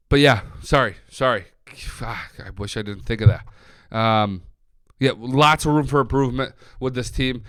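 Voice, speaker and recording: Excitable man swearing through sports talk. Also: mid-range voice, clean tone, no echo, studio quality. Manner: excitable, swears a lot, rattles off stats. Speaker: sports podcast host. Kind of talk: solo sports talk livestream.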